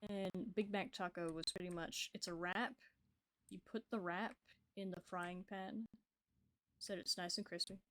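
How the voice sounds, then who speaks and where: A woman's voice: on the low side, steady tone, moderate pace, fairly bright tone. A woman streaming a game, chatting casually and talking to the creatures on screen. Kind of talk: casual gameplay chat.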